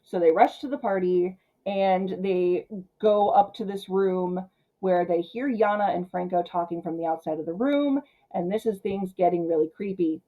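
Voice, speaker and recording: A woman hosting a casual film recap, chatty and full of filler words, who acts out the characters' lines in quick paraphrase. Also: lowish voice, narrow, tinny audio. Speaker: film channel host.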